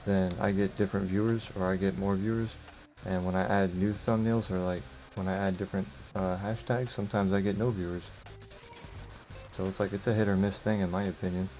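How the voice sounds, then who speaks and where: A man's voice: lowish voice, darkish tone, a little hiss or hum, poor audio. A man chatting casually while streaming a game live, rambling loosely, with many fillers and frequent chuckles. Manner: rambling and loose, with lots of "like" and "bro"; chuckles often while talking. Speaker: gaming streamer.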